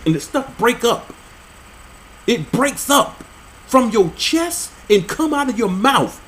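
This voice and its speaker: A man reading out odd laws and commenting on them, with an animated, incredulous and joking manner. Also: very high voice, takes it slowly, a little hiss or hum, poor audio. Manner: animated, incredulous, jokey asides. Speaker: religious commentator.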